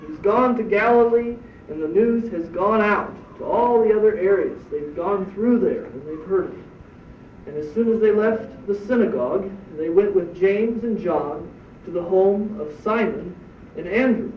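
Guy preaching a sermon, high voice, emphatic, heard from across an echoey room. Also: a little slow, slight background noise. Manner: emphatic preaching with rhetorical questions. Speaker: pastor. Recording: echoey distant dull church recording.

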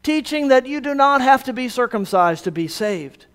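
Man preaching a sermon, really high smooth voice, asks questions and gets quiet and low at the ends. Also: animated, normal speed. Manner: emphatic, poses rhetorical questions, drops to soft low phrases. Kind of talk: expository sermon on a Bible letter.

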